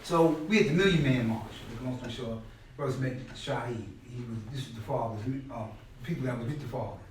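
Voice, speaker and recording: A middle-aged man telling stories at a class in a casual, animated way, often acting out what others said and repeating words. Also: mid-range voice, a little fast, a little hiss or hum. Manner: animated, acts out quoted people loudly, repeats words. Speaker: guest speaker at a class. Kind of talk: conversational storytelling lecture. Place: indoor classroom space. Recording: very echoey room, mic far off.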